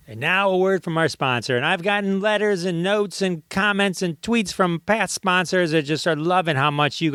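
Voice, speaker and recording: A man's voice: fairly high pitch, a bit bright, clear, resonant tone, dry recording, studio quality. A man hosting his own comedy podcast, talking in a jokey, playful way with mock-ad patter. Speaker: podcast host.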